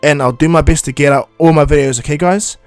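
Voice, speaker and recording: A man's voice: fairly high pitch, quick pace, smooth, faint music behind. A man casually retelling a fan-made anime story on his channel, rambling with restarts. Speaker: YouTube storyteller.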